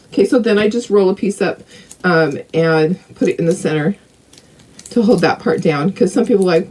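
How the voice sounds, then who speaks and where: A woman's voice: on the low side, a little fast, warm tone, husky, rough recording. A middle-aged woman hosting a casual live craft painting tutorial, chatting and greeting viewers by name.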